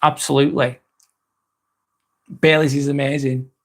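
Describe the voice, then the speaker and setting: A man's voice: medium pitch, a little slow, a little hiss or hum. A man hosting a live vlog, talking casually and reading out viewer comments, with lots of ums and some swearing. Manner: relaxed and chatty, with frequent ums and casual swearing.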